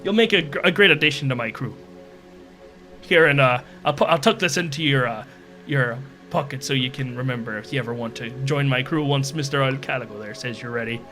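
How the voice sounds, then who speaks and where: A man's voice: mid-range voice, fairly quick, sharp tone, faint music behind, natural voice. A man voicing a boastful pirate captain who is offhand and threatening by turns. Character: cocky male pirate captain, brash and boastful.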